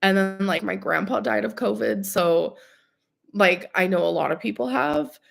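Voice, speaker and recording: Young woman streamer rambling to her chat, gravelly fry, lots of likes and ums, sounds sick and run down. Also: medium pitch, animated, moderate pace, faint music behind. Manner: rambling, filler-heavy, chatty. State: sick with a cold-like illness. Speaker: live streamer. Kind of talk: casual live stream chat.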